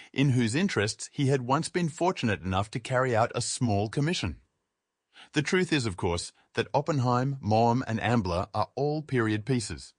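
A man reading a literary essay aloud in a measured, wry way. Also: medium pitch, no room sound, studio quality. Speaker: essay reader.

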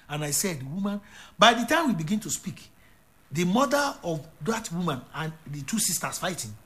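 A man's voice: high-pitched, fairly bright tone. A man preaching a sermon as an evangelist, emphatic and repetitive, with stammered restarts.

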